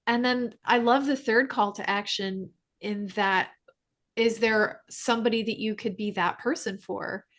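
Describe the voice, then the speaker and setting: A woman's voice: a little high, fairly even intonation, measured pace, a bit bright. A woman hosting a podcast interview, affirming and reflective as she chats with her guest. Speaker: podcast host. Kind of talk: casual interview chat.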